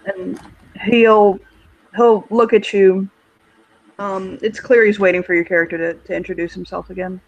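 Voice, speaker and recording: A man narrating a tabletop game as game master, hesitant, with many pauses and fillers. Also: high-pitched, steady tone, no room sound, lo-fi sound.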